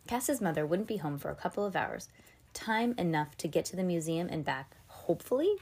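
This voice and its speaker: A woman's voice: on the low side, lively intonation, fairly quick, a little mellow, slightly rough. A woman hosting a podcast, reading a children's novel aloud in a casual way with chatty asides. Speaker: podcast host.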